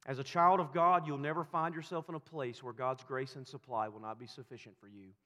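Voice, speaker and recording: Emphatic preacher in a reverberant hall. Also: male voice, medium pitch, steady tone, fairly quick, a bit bright. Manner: emphatic preaching with rising, repeated phrases. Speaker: pastor. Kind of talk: sermon. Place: church sanctuary. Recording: long reverb of a church hall.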